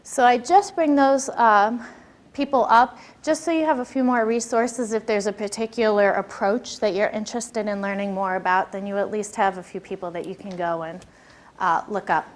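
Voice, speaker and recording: A woman's voice: medium pitch, steady tone, moderate pace. A woman giving a workshop lecture on classroom behavior, talking conversationally and asking her audience questions.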